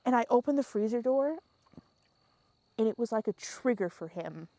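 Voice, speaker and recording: A young woman telling a story in casual podcast chat, animated and laughing often, swearing freely and acting out the scenes. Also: fairly high pitch, normal speed.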